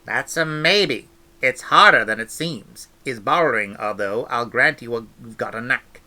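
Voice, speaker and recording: A man voicing a stern, no-nonsense old village witch woman, brisk and scolding. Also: medium pitch, lively intonation, pushed and bright. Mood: grudging.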